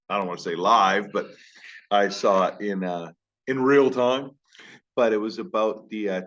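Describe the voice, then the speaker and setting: A man who teaches high school, talking casually to camera in a rambling, self-deprecating way. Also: highs cut off. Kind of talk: casual vlog talk.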